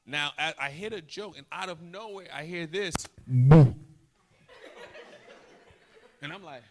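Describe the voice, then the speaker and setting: A man doing stand-up comedy on a live stage, teasing the crowd loudly and then dropping into hushed asides. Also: a little high, fairly quick. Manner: loud, teasing, swings from shouting to hushed asides.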